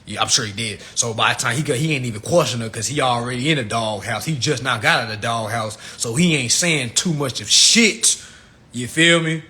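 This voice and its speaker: Bright-voiced man ranting on a livestream. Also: a little fast. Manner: slangy and animated, jumps from low mutters to shouts; laughs at his own jokes. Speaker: livestream host. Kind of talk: casual livestream rant.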